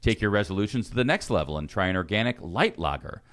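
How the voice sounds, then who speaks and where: Casting: low-voiced man with an animated delivery, podcast host reading ads. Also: quick pace, slight background noise. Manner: lively, laughs between reads. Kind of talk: casual sponsor ad reads.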